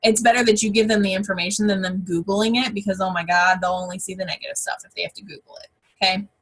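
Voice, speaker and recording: Woman, team trainer, chatty and informal, husky mid-pitched voice. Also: fairly even intonation, fast talker. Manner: chatty, frequent fillers and exclamations. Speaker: network marketing team trainer. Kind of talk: casual training talk. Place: home office.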